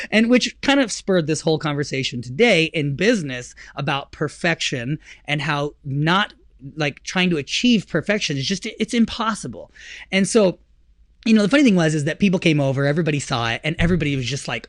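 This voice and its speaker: A man in his thirties hosting a business talk show, telling a home story in a lively, animated way and acting out the people he quotes. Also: fairly quick, dry recording, clean studio sound. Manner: animated, acts out quotes with big pitch jumps. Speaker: podcast host. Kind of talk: casual storytelling chat.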